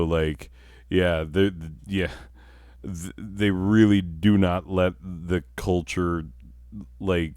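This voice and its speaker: A man's voice: low-pitched, no echo, studio quality. A man telling a comic story with rambling, self-mocking asides. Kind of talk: comedic storytelling.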